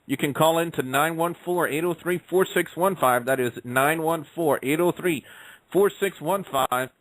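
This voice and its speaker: Man, radio show host, high voice, dry close sound, rambling jokey wrestling recap. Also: moderate pace, a bit bright, no echo, poor audio. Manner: rambling, jokey, repeats lines for laughs.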